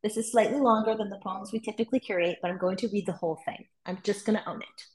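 Expressive woman co-hosting and reading poetry. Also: medium pitch, echoey room, low-quality recording. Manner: expressive, reflective, reads slowly and softly. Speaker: podcast co-host. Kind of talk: conversational discussion with poetry reading. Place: Boston.

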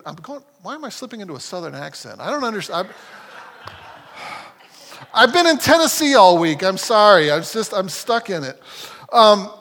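A man preaching a sermon as a pastor, talking in a lively, conversational way with frequent restarts. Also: very high voice. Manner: animated, conversational, self-correcting. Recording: long hall reverb.

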